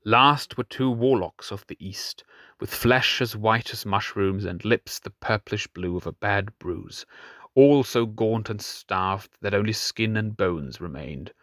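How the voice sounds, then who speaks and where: A man reading a fantasy audiobook in scripted narration, measured and grave, dropping softer on grim details. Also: fairly low pitch, dry recording, studio quality.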